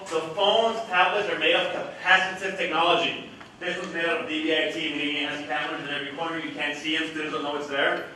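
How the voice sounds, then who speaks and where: Man presenter, bright and a bit high, booming without a mic across a big echoey room, heard from afar. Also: a little hiss or hum. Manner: projecting loudly without a mic, quizzing the audience. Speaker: education technology presenter. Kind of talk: live product demo to a committee. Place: large meeting room. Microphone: no mic, room recording from afar. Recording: very echoey room audio from far off.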